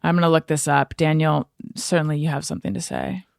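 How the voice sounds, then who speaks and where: Her voice is deep, creaky and steady in tone, and she speaks quickly on a dry recording. She's a woman co-hosting a studio podcast, keeping the casual chat playful and teasing and sometimes half-singing bits of songs.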